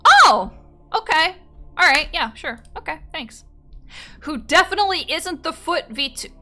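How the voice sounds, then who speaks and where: A woman streamer reading out viewer confessions and reacting in an animated way, often breaking into laughter and swearing freely. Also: very high voice, unhurried, soft background music. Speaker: streamer host.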